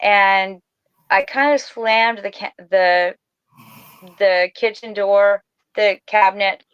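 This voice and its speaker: A woman's voice: medium pitch, steady tone, slow, smooth, dry recording, muffled recording. A middle-aged woman telling a personal story as a podcast guest, rambling and emotional, near tears. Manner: emotional, rambling, tearful at times. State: crying.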